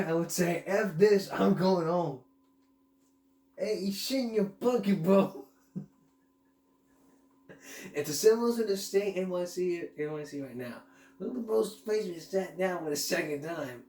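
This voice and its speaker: A man's voice: sits high, darkish tone. Giggly male host, casual commentary, roomy sound. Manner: giggly, laughs constantly. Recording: roomy echo.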